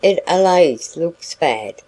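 A woman's voice: lowish voice, lively intonation, slow pace, warm tone, low-quality recording. A woman voicing a placid older husband who talks soothingly in homely dialect, in an audiobook reading.

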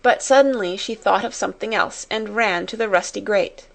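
A woman narrating an audiobook in a slow, measured reading voice. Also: medium pitch, vocal fry. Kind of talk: scripted narration.

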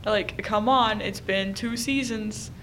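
A woman's voice: medium pitch, takes it slowly, a bit bright, a little hiss or hum, low-quality recording. A young woman co-hosting a podcast in casual, playful chat, often laughing as she jokes. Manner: giggly, playful, joking. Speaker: podcast co-host.

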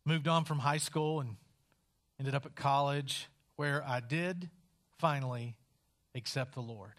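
A man from West Virginia preaching a sermon in a wry, conversational storytelling style with dramatic pauses. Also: mid-range voice, a bit bright.

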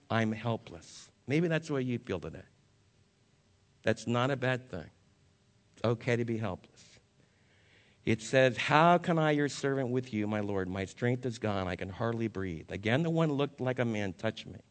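Man preaching in an echoing hall. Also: medium pitch. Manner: earnest preaching, reading scripture aloud. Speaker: pastor. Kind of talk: sermon. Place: church sanctuary.

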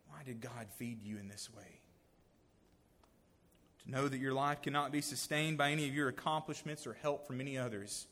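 A man giving a sermon, swinging from loud emphasis to hushed, near-whispered lines. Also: medium pitch, big-room sound. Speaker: lay preacher.

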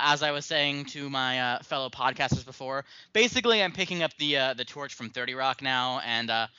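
A man's voice: medium pitch, sharp tone, clean tone, dry recording, muffled recording. A man hosting a podcast in casual chat, rambling and self-mocking with lots of ums and uhs. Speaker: podcast host.

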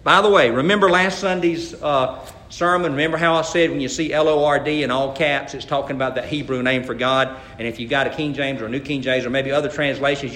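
Folksy male preacher, bright and high, restarts often, echo in the room. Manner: folksy, stammers into restarts, acts out bible characters loudly. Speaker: pastor. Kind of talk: sermon.

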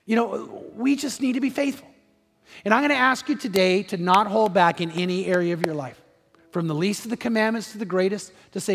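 A man with a high voice preaches in a large church auditorium, climbing into impassioned urgency and then softening into prayer. Long hall reverb trails his words, with faint music underneath. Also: fairly quick. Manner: impassioned preaching that rises in pitch and volume, then drops to a soft prayer. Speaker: pastor. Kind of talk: sermon.

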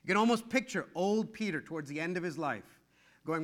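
Middle-aged male pastor, sermon; high, bright, animated storyteller. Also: a little fast. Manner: animated, repetitive storytelling, emphatic.

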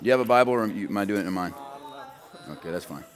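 A man's voice: lowish voice, rapid-fire, in a large hall, some chatter behind. A man preaching a sermon in a casual, conversational way, joking with his listeners.

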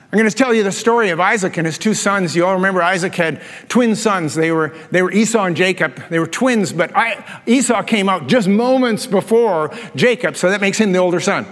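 An older man preaching a conversational sermon as a pastor, animated and telling stories with self-deprecating asides. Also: high-pitched. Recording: long reverb of a large hall.

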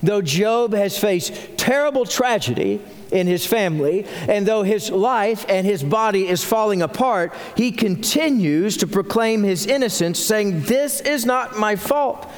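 A man preaching a sermon as senior pastor, telling the story in an animated way with frequent restarts. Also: high-pitched, a little slow, in a large hall.

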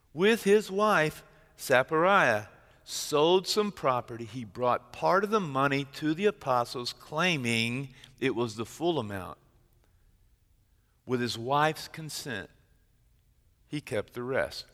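Middle-aged guy preaching, bright pushy voice, goes loud then hushed, long echo off the church hall. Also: on the high side. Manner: dramatic storytelling, swings from loud to hushed. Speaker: pastor. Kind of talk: sermon. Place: church sanctuary.

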